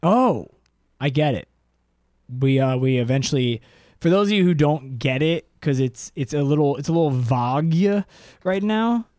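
A man co-hosting a casual comedic podcast chat, jokey and profane, sometimes jumping into high silly voices. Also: animated, normal speed, darkish tone, dry recording, clean studio sound. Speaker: podcast co-host.

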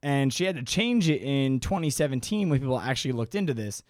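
A man's voice: mid-range voice, big pitch swings, fairly quick, darkish tone, dry recording, studio quality. A man co-hosting a podcast, chatting casually, swearing freely and retelling stories. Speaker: podcast co-host. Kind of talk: casual chat.

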